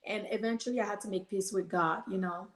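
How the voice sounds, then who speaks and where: A woman's voice: mid-range voice, steady tone, fast talker, echoey room. A woman guest on a podcast, telling a personal story earnestly and animatedly, quoting her own prayers.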